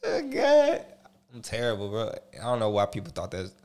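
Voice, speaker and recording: A man with a lowish voice talking casually and laughing often. He drifts between loud outbursts and quieter, reflective stretches. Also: huge pitch swings, moderate pace. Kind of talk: casual chat.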